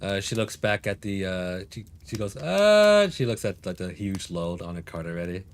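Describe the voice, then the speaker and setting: A man narrating as game master of a tabletop game, relaxed, with many fillers. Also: low voice, normal speed, smooth.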